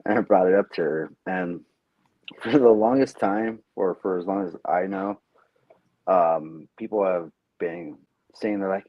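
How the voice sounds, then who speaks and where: A man chatting as a podcast guest, telling stories with lively acted-out quotes. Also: low voice, a little slow, no room sound, highs cut off. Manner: animated storyteller, acts out quotes. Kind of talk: casual podcast chat.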